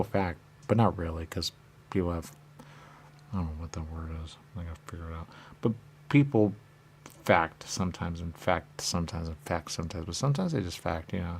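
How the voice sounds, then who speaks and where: In a deep, somewhat mellow voice, a man acting as a radio host delivers a goofy, meandering comic monologue where he questions and answers himself over and over. He speaks fairly quickly but leaves long pauses, with slight background noise in the recording.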